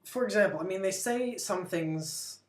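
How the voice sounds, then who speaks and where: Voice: mid-range voice, normal speed. Chatty American vlogger, rambling. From United States. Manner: chatty, rambling, full of "like", opinionated. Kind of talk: casual vlog rambling. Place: lives abroad in Britain.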